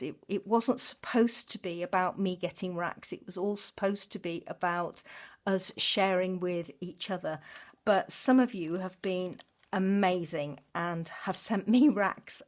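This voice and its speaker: A woman chatting in a home craft room, effusive and grateful, with many ums. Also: lowish voice. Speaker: journaling vlogger. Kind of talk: casual craft vlog chat.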